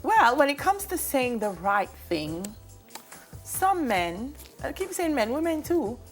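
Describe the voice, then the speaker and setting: A woman's voice: high-pitched, big pitch swings, slow pace, soft background music. A young Jamaican woman co-hosting a morning TV show in a playful, casual way that slips into patois. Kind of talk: casual chat. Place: TV studio.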